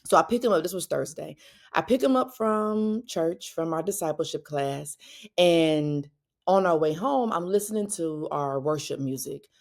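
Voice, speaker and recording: A woman, telling a personal faith story as a Christian parenting speaker, her voice jumping higher when she quotes people. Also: normal speed. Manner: animated, rising pitch when quoting others.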